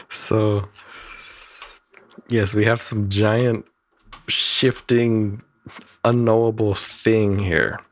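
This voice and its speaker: A man who animates and makes music breaks down how he created a cartoon's sounds, talking casually and rambling, often chuckling and cutting himself off to restart sentences. His voice is on the low side with a steady tone. He speaks very slowly with long pauses, and the recording is dry.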